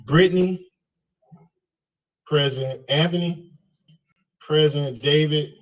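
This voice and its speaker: Slow-talking man taking class roll. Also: a little high, recorded from a distance, dull audio. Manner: slow, halting, checks name pronunciations. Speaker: math instructor.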